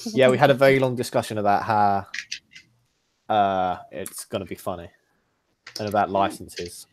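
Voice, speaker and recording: A panelist in a casual group chat over a voice call, making dry, low-key remarks. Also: fairly even intonation, normal speed. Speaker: podcast panelist. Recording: faint background noise.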